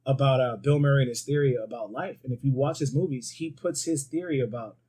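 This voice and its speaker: A man co-hosting a podcast, chatting casually and telling animated stories full of swearing and acted-out quotes. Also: medium pitch, fast, slightly rough. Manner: animated storyteller, swears freely, acts out quoted voices. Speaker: podcast co-host. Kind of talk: casual chat.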